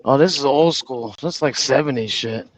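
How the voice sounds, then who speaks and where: A man's voice: mid-range voice, normal speed, crowd noise. A man in his fifties, a truck driver, chatting casually and profanely while short of breath. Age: 50s. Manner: laid-back, profane. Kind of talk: casual chat. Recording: dull lo-fi audio.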